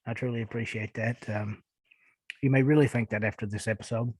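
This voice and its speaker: A man's voice: medium pitch, steady tone, brisk, husky, dry recording, poor audio. A man with a thick Eastern Kentucky accent hosting a podcast, reading listener emails aloud and answering them in a laid-back, chuckling, self-deprecating way. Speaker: podcast host.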